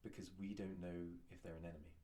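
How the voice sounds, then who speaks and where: A man's voice: sits low, little pitch movement, quick pace, warm tone, a little hiss or hum. A man co-hosting a comedy podcast, rambling and hesitant as he thinks aloud in casual chat. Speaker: podcast co-host.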